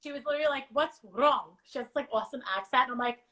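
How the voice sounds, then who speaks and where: Brief: woman host, bright and fairly high-pitched, chatty and animated, voice just recovering from strep throat, casual livestream on a video call. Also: racing, slight background noise, poor audio.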